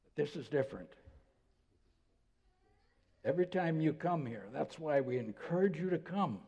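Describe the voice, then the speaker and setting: An older male pastor gives a sermon in a storytelling way, his mellow, warm voice ringing out through a church with a long reverb. He talks to the congregation as if chatting, and turns quiet and gentle when he quotes someone. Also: fairly high pitch, lively intonation, moderate pace, breathy edge. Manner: conversational storytelling preacher, drops to soft voice for quotes. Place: church sanctuary.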